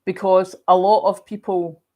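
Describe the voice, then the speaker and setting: A middle-aged Scottish woman hosting a casual livestream, chatting and reading viewer comments, telling stories in a chatty, animated way while she has a lingering cough. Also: lowish voice, a little slow. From Scotland. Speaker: livestream host.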